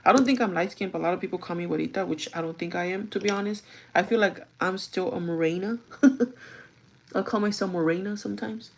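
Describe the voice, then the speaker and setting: A woman's voice: lowish voice, fast talker, vocal fry, slight background noise. A young adult woman vlogging in casual chat, rambling through a story with lots of fillers and switching languages mid-sentence.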